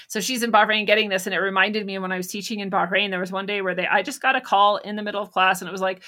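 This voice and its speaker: A woman's voice: mid-range voice, fairly even intonation, quick pace, hardly any pauses, sharp tone. A woman hosting a casual news commentary monologue, sarcastic and profane, laughing often. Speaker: host.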